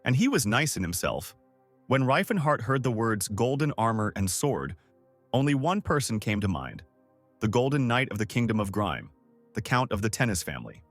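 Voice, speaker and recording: A man narrating a scripted story recap in a steady storytelling manner, reading the quoted lines without doing voices. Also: lowish voice, normal speed, no room sound, faint music behind.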